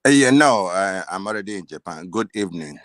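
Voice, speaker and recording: A man's voice: deep voice, animated, a little fast, a bit bright, no room sound, studio quality. A man with a Nigerian accent calling in to a live stream, chatting casually and repeating words as he talks. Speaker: caller. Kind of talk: casual chat.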